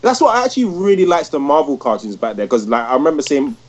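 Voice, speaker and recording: A man's voice: fairly high pitch, lively intonation, fast talker. Rambling enthusiastic man in his thirties. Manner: enthusiastic, rambling, many restarts and likes. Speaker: podcast host. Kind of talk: casual podcast review chat.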